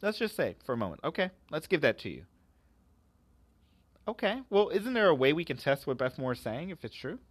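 A man's voice: on the high side, sing-song, brisk, no room sound. A man hosting a podcast, giving religious and political commentary with emphatic rhetorical questions.

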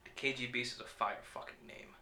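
A man's voice: mid-range voice, fairly even intonation, fast talker, noisy background. A man hosting a podcast in casual chat, rambling and cursing, stumbling over names. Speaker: podcast host. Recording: echoey room.

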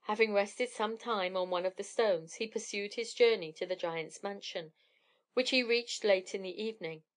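A woman narrating a classic fairy tale in a measured, even storytelling manner. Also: medium pitch.

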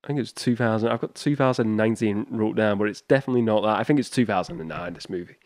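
A man's voice: on the low side, racing, a little mellow, dry recording, clean studio sound. A man hosting a solo movie podcast, chatting casually and rambling with restarts and small chuckles. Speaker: podcast host.

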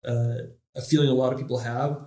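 A man's voice: medium pitch, level tone, fast talker, dark tone, reverberant. A man co-hosting a casual podcast chat, wry and reflective, often restarting his sentences. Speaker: podcast co-host.

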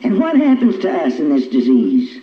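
Older woman with a lively storytelling voice. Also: deep voice, normal speed. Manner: animated, acts out remembered arguments. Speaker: speaker sharing her recovery story. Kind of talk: personal storytelling talk. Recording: echoey, dull, noisy old tape.

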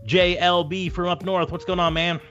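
A man's voice: high-pitched, little pitch movement, moderate pace, fairly bright tone, lo-fi sound, soft background music. Joking American man hosting a podcast. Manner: jokey, loose, with many fillers. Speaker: podcast host. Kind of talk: casual podcast chat.

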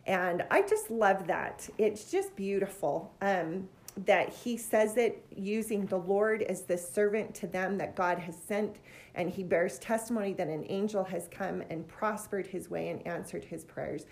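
A woman's voice: mid-range voice, measured pace, gravelly, a little mellow. A middle-aged woman giving a heartfelt, casual scripture lesson with earnest emotion. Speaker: scripture study teacher.

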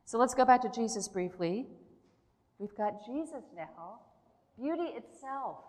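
A woman preaching a sermon in a church, earnest and emphatic, with slow pauses between phrases. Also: on the high side, lively intonation, darkish tone. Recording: long hall reverb.

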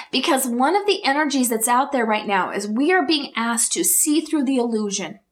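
A woman with a fairly high voice hosts her own podcast, speaking earnestly and with open emotion. She talks in slow, emphatic bursts and asks her listeners one rhetorical question after another. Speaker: podcast host. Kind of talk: heartfelt solo podcast talk.

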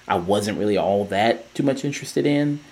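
A man's voice: fairly low pitch, animated, normal speed, a little mellow. Man, podcast co-host, casual review chat, rambling, lots of fillers. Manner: rambling, many fillers and restarts.

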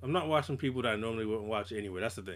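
With a voice on the low side, a man races through stories as a podcast co-host. The chat is casual and full of slang, and he animatedly acts out what others told him.

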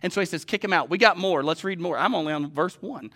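A male preacher with a high, bright voice who talks with his congregation and keeps asking whether they follow him. He swings from loud, pressing urgency to slow, hushed scripture reading. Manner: conversational, asks the listeners questions. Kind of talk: sermon.

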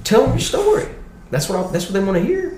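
Man doing a high folksy old dean. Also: big pitch swings, fast, dark tone, slight background noise. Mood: encouraging. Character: folksy older male school dean, encouraging. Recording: roomy echo.

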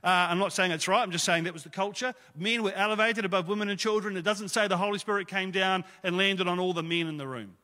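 A man's voice: sits high, quick pace, hardly any pauses, bright, forceful tone, in a large hall. A man preaching a sermon to his church, conversational and emphatic, with rhetorical questions. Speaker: pastor.

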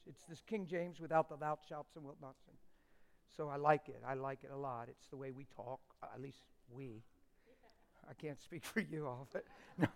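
High-voiced preacher in echoing hall. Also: male voice, smooth. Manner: emphatic, swings from hushed to loud; jokes with the congregation. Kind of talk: live sermon. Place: church hall.

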